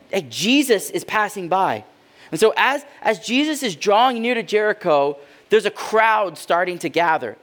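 A man preaching a sermon, dropping to a hush and then rising to loud, dramatic cries as he voices the people in the story. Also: high-pitched. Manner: dramatic, swings from hushed to loud voicing of characters. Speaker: pastor.

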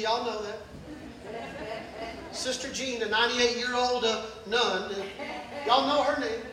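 A man preaching a sermon, swinging from shouted praise to hushed appeals as he calls out to the congregation. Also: very high-pitched, a little hiss or hum. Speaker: pastor. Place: large church sanctuary. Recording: echoey hall from far off.

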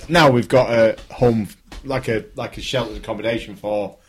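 Husky, laid-back man. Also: on the low side, steady tone, moderate pace. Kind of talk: casual podcast chat.

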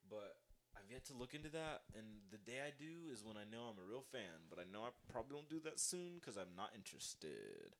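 A young man hosts a podcast with a slightly low voice. He rambles in a goofy, joking way through casual chat. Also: big pitch swings, brisk, fairly bright tone. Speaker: podcast host.

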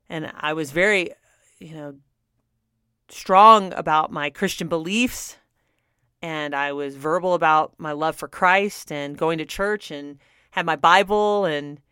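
A middle-aged woman shares a personal story on the radio, candid and earnest. Her voice is smooth and clear, pitched a little low, and it sounds close and dry with no room echo. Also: fairly bright tone. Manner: earnest, candid, laughs often. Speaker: radio host. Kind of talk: personal testimony talk.

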